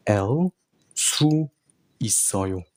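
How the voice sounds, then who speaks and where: A man's voice: fairly low pitch, expressive, moderate pace, a little mellow. A man teaching Korean grammar to learners, explaining each step patiently and with a playful touch.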